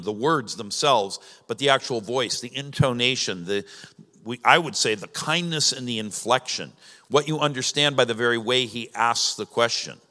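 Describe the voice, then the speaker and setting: A man's voice: medium pitch, bright, forceful tone. A man preaching a sermon as pastor, teaching in a conversational way with emphatic rises. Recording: long reverb of a large hall.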